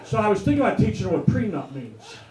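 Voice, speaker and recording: A man's voice: high-pitched, big pitch swings, fast talker, a loud crowd. A man performing a crude stand-up comedy set, telling rowdy stories with punchlines. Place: comedy club stage before a live audience. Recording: echoey club with audience laughter.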